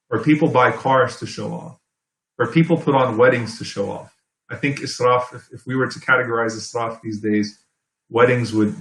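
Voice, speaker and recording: A man giving an Islamic sermon in a conversational, explanatory way, often checking in with "okay?" and "right?" and reciting Arabic verses quickly. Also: lowish voice, a bit bright, roomy sound, low-quality recording. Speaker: Islamic preacher. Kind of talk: sermon lecture.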